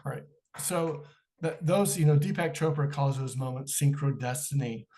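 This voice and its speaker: A man's voice: medium pitch, normal speed, dark tone. A middle-aged man, a podcast guest, telling a personal story in an interview and acting out the dialogue in it.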